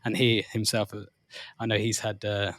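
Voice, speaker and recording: A man's voice: on the low side, level tone, moderate pace, fairly bright tone, no room sound. A man hosting a podcast, asking questions hesitantly with restarts and many murmured agreements. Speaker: podcast host. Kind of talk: interview questions and backchannel.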